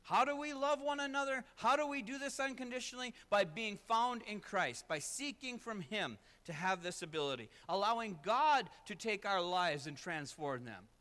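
A man preaching in a church sanctuary, his voice pitched high and bright with a tense edge. He presses his points by repeating key phrases and slips in wry asides about himself. The sound carries a long reverb from the large room. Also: animated, moderate pace, hardly any pauses. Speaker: pastor. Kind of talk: sermon.

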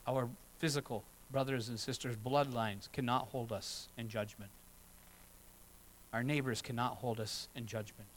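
A middle-aged man delivers a sermon from the pulpit. He is earnest but conversational, and he slips into short acted-out asides. His voice sits at an ordinary middle pitch. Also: fairly even intonation, a little slow, slight background noise, rough recording. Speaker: pastor.

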